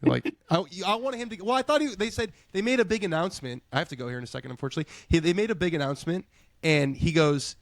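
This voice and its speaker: Fast-talking man venting in a dry room. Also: fairly high pitch, creaky, dry recording. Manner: halting, restarts often, animated venting. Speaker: podcast guest. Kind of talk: casual chat.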